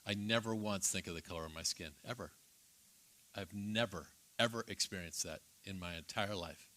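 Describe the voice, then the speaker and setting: Thoughtful man, low bright voice. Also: moderate pace. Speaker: pastor. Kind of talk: reflective conversation.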